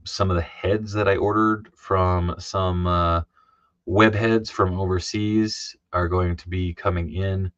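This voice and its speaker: Man, very low voice, tired, rambling casual stream chat, lots of ums, dry dull lo-fi sound. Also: fairly bright tone, no room sound. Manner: rambling, many fillers and restarts, reads chat aloud. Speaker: comic artist streaming live.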